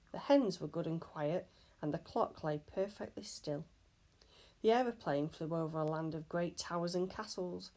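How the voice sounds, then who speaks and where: A woman reading a children's novel aloud with steady, clear storytelling. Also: fairly low pitch. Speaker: storybook reader.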